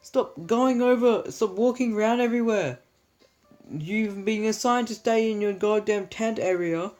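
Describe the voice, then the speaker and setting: A man's voice: high-pitched, measured pace, soft background music, voice pushed up. A young male speaker imitating a strict male teacher who barks threatening orders at pupils. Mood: barking orders. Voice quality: loud barking yell. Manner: bossy, threatening. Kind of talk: acted quote in a rant.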